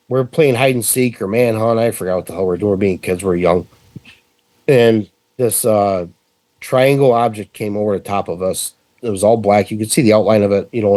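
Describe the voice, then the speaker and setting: A middle-aged man from central New York tells a story as a podcast guest, loose and animated, swearing a lot. His voice sits on the low side, with no echo in the recording.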